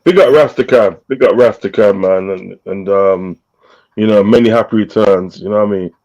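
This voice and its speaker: A man's voice: fairly low pitch, moderate pace, highs cut off. A man hosting a casual live-stream chat, reading out viewers' messages with frequent laughter. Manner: laughs often, reads out chat shout-outs. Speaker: host.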